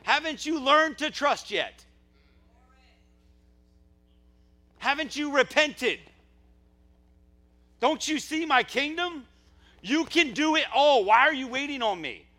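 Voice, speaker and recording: A preacher voicing a frustrated Jesus who rebukes his followers loudly and with slow, pleading emphasis. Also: extremely high pitch, animated, voice pushed up, full character voice. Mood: exasperated rebuke. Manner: loud, pleading, drawn-out rebuke.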